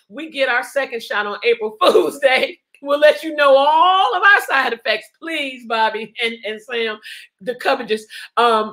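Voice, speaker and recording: A woman's voice: a little high, pushed and bright. A woman hosting a live online talk show, chatting casually, reading viewer comments and laughing often.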